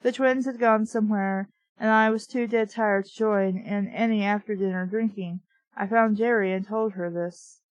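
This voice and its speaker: Woman reading an old novel out loud, snarky side comments, dead dry sound. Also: medium pitch, fairly even intonation, normal speed, no room sound, highs cut off. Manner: dry, sarcastic interjections. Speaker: book reviewer reading aloud. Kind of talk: comic reading of a novel with sarcastic asides.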